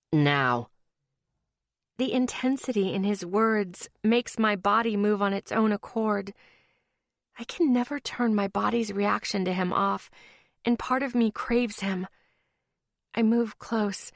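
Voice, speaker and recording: Brief: female first-person romance narrator, unhurried, emotional, dry studio sound. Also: mid-range voice, dry recording. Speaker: audiobook narrator.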